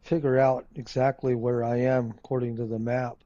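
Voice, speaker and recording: A man's voice: mid-range voice, level tone, normal speed, mellow, lo-fi sound. A man hosting a flight simulator video, chatting casually and rambling with many ums and uhs as he thinks aloud. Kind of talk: casual gameplay commentary. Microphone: desk microphone.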